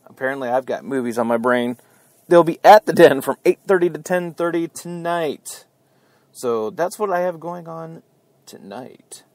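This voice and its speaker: A man's voice: a little high, moderate pace, darkish tone, no room sound. A man hosting a casual talk show, chatty, laughing at himself and hyping up his listeners. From Ohio. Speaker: podcast host.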